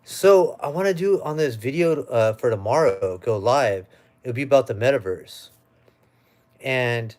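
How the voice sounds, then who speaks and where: Streaming live from home, a young man from the United States reads viewer comments aloud in a loose, chatty manner. He has a medium-pitched, darkish voice, recorded on a webcam or phone.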